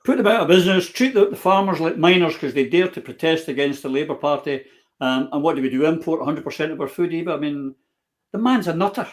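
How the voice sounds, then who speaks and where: A man's voice: on the high side, fast. A man hosting a political panel, speaking bluntly and mockingly, with frequent stumbles and restarts. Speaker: panel host. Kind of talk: political discussion.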